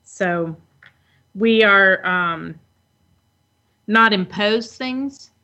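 Bright-voiced woman reading scripture slowly. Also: medium pitch. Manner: measured, reads verses aloud with emphasis.

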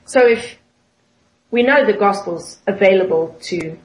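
A woman's voice: medium pitch, a little slow. A woman with a South African accent, sharing thoughts in a Bible study group and reading verses aloud. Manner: thoughtful, reads scripture aloud. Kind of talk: casual Bible study discussion. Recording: echoey room.

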